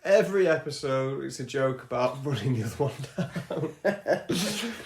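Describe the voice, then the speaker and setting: A man's voice: medium pitch, expressive, a little slow, a little hiss or hum. A man hosting a podcast, casually retelling a story with loose, sweary asides and frequent "right?" check-ins. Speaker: podcast host.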